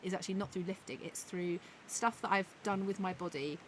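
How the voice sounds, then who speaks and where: Give me a chatty woman co-hosting a podcast, low-voiced, with a faint hum behind. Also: fairly quick. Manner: candid and chatty, lots of fillers. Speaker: forest school leader and co-host. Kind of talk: casual podcast chat.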